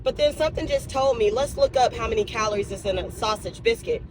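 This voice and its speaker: A woman's voice: a little high, fast. A young woman vlogging from her car, chatting casually and emotionally to her viewers. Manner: chatty, emotional and animated, addresses viewers as y'all. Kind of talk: casual chat. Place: in a car on a drive-thru run. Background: vehicle noise.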